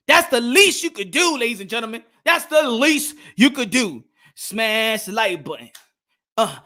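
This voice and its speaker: A man hosting a live boxing stream, loud and animated, trash-talking fighters and hyping his viewers. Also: very high-pitched. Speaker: boxing commentator.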